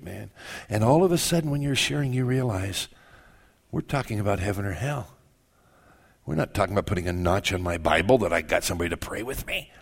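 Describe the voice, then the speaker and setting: An older man, a pastor, preaching a sermon with lively asides and quick self-corrections. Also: fairly low pitch, gravelly.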